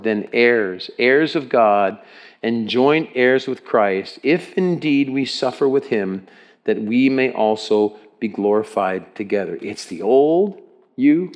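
A pastor preaching a sermon to his congregation, emphatic, repeating words and asking them questions. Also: medium pitch. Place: church hall with congregation.

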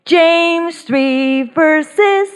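A woman reading scripture aloud and leading declarations, in slow, deliberate phrases that are sometimes half-sung. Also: extremely high pitch, soft background music. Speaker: Bible study reader.

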